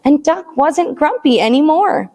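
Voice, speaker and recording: A woman librarian reading a picture book aloud to small children, expressive and animated, then leading a counting rhyme. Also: high voice, unhurried. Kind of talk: storytime read-aloud.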